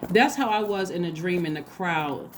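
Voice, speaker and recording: Woman, tarot reader, chatty, excitable, lower voice, faint background noise. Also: moderate pace. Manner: chatty and excitable, addresses viewers directly. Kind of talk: casual spoken tarot reading.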